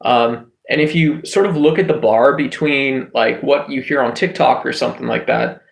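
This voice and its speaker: Guy rambling on a livestream, lots of likes and ums, gravelly voice. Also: medium pitch, normal speed, roomy sound. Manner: rambling, heavy on filler words and restarts. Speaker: livestream host. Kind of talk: casual livestream chat.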